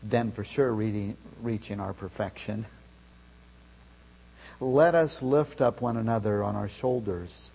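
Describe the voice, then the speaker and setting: A man preaching a sermon, telling a story with loud shouted calls at its peak. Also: lowish voice, measured pace, vocal fry, breathy edge. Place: church sanctuary. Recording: long reverb of a large hall.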